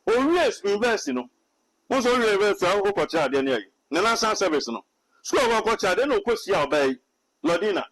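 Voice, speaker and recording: High-voiced Ghanaian prophet preaching. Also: male voice, big pitch swings, quick pace, a bit bright, low-quality recording. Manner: preachy, repetitive, hesitant restarts. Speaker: self-styled prophet. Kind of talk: animated Twi commentary mixed with English.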